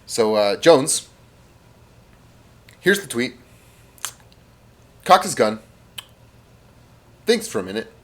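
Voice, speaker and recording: Animated man telling a rambling tall tale. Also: mid-range voice, takes it slowly, long pauses. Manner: animated, rambling, with fillers and sound effects. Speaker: storyteller. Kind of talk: casual comic storytelling.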